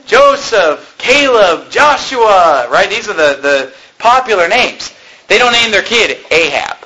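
A man preaching a fiery sermon, rising to shouts at his peaks and dropping to a conversational tone for stories. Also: sits high, big pitch swings, unhurried, slight background noise, low-quality recording. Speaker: pastor.

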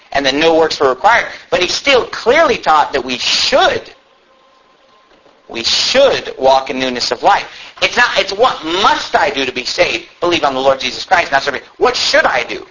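A man's voice: on the high side, bright, forceful tone. A man preaching a sermon, reading scripture aloud and building emphasis as he explains it. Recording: dull lo-fi sound.

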